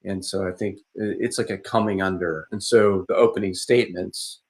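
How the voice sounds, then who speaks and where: A man talking casually on a podcast, rambling with frequent restarts and fillers, and turning animated when he mimics other people. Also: low voice, normal speed. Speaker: podcast speaker. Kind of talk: casual conversational podcast talk.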